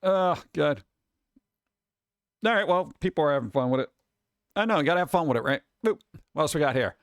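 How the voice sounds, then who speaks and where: A man's voice: a little high, a little fast, no room sound. Sarcastic streamer man with a dry close sound. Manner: sarcastic, animated asides to viewers. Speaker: streamer reading news and memes. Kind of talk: casual live-stream chat.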